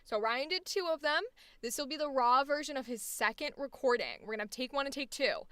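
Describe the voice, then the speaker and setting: A woman's voice: high voice, lively intonation, brisk, a bit bright, smooth, no echo. A woman voice acting instructor giving effusive, chatty commentary on a livestream showcase. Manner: effusive, gushing, chatty with y'all.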